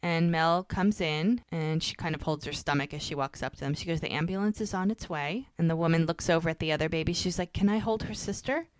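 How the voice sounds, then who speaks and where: A woman talks through a TV episode scene by scene, slipping into quick character voices for the dialogue. Her voice sits a little low, and the recording is dry and close with no room sound. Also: clean tone, dry recording. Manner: retells scenes quoting characters in lightly acted voices. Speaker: podcast co-host. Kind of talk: casual recap of a TV episode.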